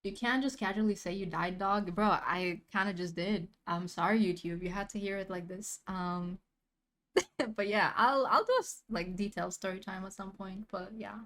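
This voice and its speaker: A woman's voice: mid-range voice, moderate pace, a bit bright. Slangy, laughing young woman streamer. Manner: laughs often, slangy and rambling. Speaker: vtuber reacting to a video. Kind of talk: casual reaction chat.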